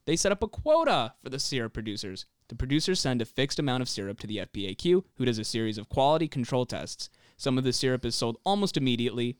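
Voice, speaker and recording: A man at a dry, close mic lays out a story from his notes in a clean, smooth voice. His pitch sits mid-range, and he reads steadily and plainly, like a casual podcast host who has done his homework. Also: dry recording. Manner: reads prepared facts steadily, laughs at jokes, swears casually. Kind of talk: casual podcast chat, reading researched notes.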